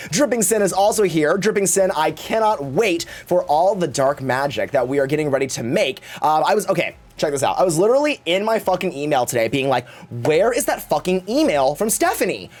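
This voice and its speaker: A man streaming live, chatting casually in a campy, theatrical way and swearing freely. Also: a little high.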